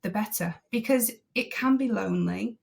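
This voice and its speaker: A woman driving instructor talking as a guest on a podcast, earnest and enthusiastic, with many pauses and ums. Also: mid-range voice, gravelly, a little mellow. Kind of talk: casual podcast conversation.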